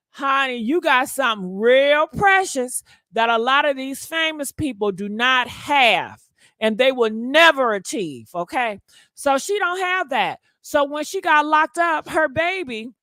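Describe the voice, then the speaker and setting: A woman's voice: sits high, sharp tone, no room sound, clean studio sound. A woman hosting a gossip livestream, talking sassily and directly to her viewers and calling them honey. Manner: sassy, talks straight to viewers, calls them honey. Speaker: gossip show host. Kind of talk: casual livestream gossip chat.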